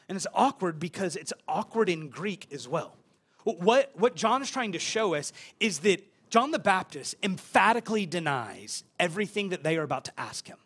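A man's voice: sits high, a bit bright, slightly rough. A man preaching a sermon in a conversational way, with casual asides and frequent repeated words. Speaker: pastor.

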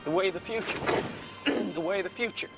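A man's voice: high voice, a little fast, natural voice. An actor playing an obsessive man who keeps repeating one phrase in a compulsive loop, in a film clip. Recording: film audio with music underneath.

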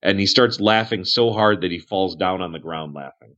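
A man's voice: low-pitched, normal speed, a bit bright, dull audio. A man narrating as game master in a casual, loose way, with fillers. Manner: casual, describes actions with fillers.

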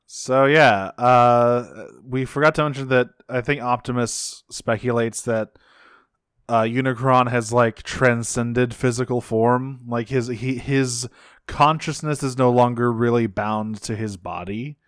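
Male podcast co-host, casual and profane, clear voice in a dry room. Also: mid-range voice, fairly even intonation, a little slow, a bit bright, dry recording. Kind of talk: casual chat.

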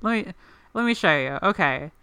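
A woman's voice: on the low side, animated, normal speed, pushed and bright, smooth, no echo. A woman co-hosting a podcast in casual chat, rambling with lots of "like" fillers. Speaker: podcast co-host.

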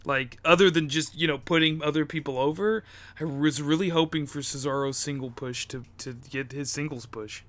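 A man's voice: fairly high pitch, moderate pace, a bit bright. A man co-hosting a podcast, talking in an earnest, conversational casual chat. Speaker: podcast co-host.

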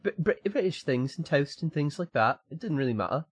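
A man's voice: on the high side, animated, fairly quick, breathy edge. A young man co-hosting a podcast in casual, rambling chat, with loose phrasing and casual swearing. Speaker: podcast co-host.

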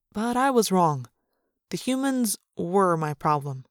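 Low-voiced woman reading a novel aloud. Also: sing-song, unhurried, no echo, clean studio sound. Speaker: audiobook reader. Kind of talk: fan read-aloud of a novel.

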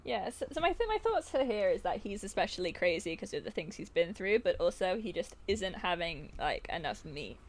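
A woman's voice: lowish voice, sing-song, brisk, hardly any pauses. A woman co-hosting a casual podcast chat, laughing often and trailing off with fillers. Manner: giggly, loose, trailing off with fillers. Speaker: podcast co-host, story writer.

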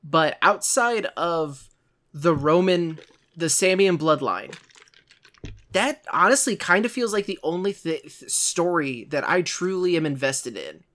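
A man in casual podcast chat with a slightly high, bright voice. He rambles through his points and stacks up side remarks as he goes. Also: animated, measured pace. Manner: rambling, lots of "like" asides. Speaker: podcast co-host.

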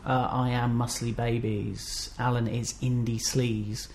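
A man co-hosting a podcast in casual, rambling chat, self-deprecating and quick to laugh. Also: medium pitch, little pitch movement, gravelly, a little mellow. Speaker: podcast co-host.

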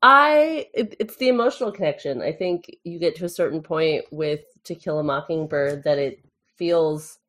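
A woman's voice: sits low, expressive, moderate pace, fairly bright tone. A woman co-hosting a podcast, explaining her movie pick in an earnest, reflective way. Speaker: podcast co-host. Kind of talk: casual movie discussion.

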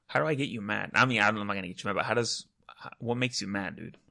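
A man's voice: a little fast, vocal fry, pushed and bright. A man hosting a casual podcast chat, teasing his guest and saying dude constantly. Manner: teasing, says dude constantly, jumps into high mocking voices.

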